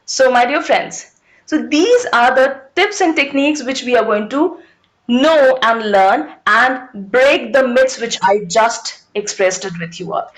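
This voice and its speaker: A woman leading an online public speaking workshop, emphatic and repetitive, asking the audience rhetorical questions over a video call. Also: fairly high pitch.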